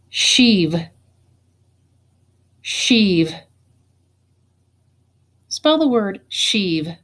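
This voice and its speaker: Slow, deliberate woman giving spelling dictation. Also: mid-range voice. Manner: slow, deliberate, repeats each word. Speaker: teacher.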